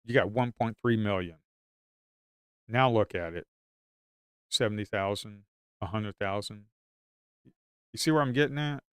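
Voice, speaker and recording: A man streaming live stock trading commentary, emphatic and repetitive as he makes his points. His mid-pitched voice is smooth and clear. It sounds dry and close, with no room echo.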